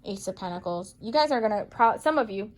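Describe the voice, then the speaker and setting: A woman reading tarot cards for viewers in a chatty, playful way, excitable and full of pet names. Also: mid-range voice, a little fast. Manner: playful, chatty, calls listeners baby girl and boo; excitable, gasps and exclaims over cards. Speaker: psychic medium tarot reader.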